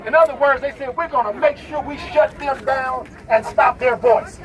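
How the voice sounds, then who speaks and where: A man's voice: very high-pitched, normal speed, background noise. Man in his fifties rallying a street crowd. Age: 50s. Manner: preaching call-and-response, shouting to a crowd. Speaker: protest speaker. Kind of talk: rally speech. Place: outdoor street protest. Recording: loud crowd around the speaker. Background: crowd responding.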